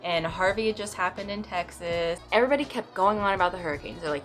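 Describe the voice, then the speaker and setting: A woman's voice: fairly low pitch, fast talker, hardly any pauses, fairly bright tone. A young woman from the US West Coast vlogging casually to camera, telling stories with comic exaggeration and playful quoted voices. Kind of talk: casual vlog talk to camera. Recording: faint background music.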